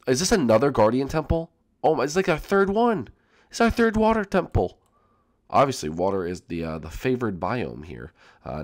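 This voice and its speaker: Excitable man with a lively low voice. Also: creaky. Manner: excitable, repeats himself, talks straight to viewers. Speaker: gaming channel host. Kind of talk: Minecraft let's-play commentary.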